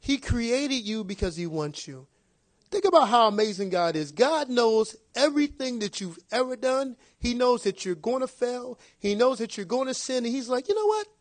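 High-voiced male preacher, conversational. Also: animated, moderate pace. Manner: conversational preaching, rhetorical questions. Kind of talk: sermon.

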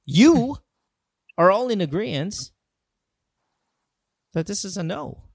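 A man's voice: high-pitched, very animated, slow, creaky, breathy edge, no room sound, studio quality. A man hosting a casual advice chat, blunt and profane, joking as he talks. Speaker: podcast host.

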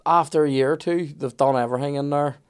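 A man's voice: a little high, steady tone, fast, smooth. A man, co-hosting a podcast and chipping in with jokes and pop-culture riffs. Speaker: podcast co-host. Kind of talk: casual comic chat.

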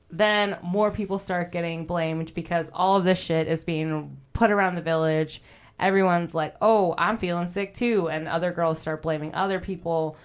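A young woman hosting a podcast, chatting casually and profanely about history, laughing often and acting out what people said. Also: low-pitched. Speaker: podcast host. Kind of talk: casual true-crime history chat.

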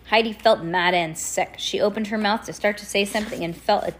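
A woman with a medium voice reads a children's chapter book aloud at home. Her delivery is casual and unpolished, and she pauses to chat and correct small slips. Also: mid-range voice, fairly even intonation. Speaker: reader.

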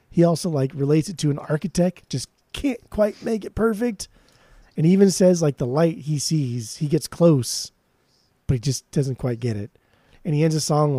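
Animated, swearing podcast co-host man. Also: fairly high pitch, no echo. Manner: animated, swears casually, jokey. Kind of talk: casual music podcast chat.

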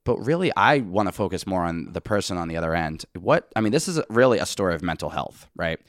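Very deep-voiced wry podcast man. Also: sing-song, fast talker, dry recording, studio quality. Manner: wry, joking storyteller. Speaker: podcast co-host. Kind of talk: casual chat.

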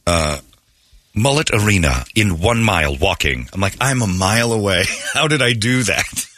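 A man hosting a radio talk show, telling a funny story in an animated way and acting out the voices in it. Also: fairly low pitch, normal speed, dry recording. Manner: animated, acts out his own crying and other voices.

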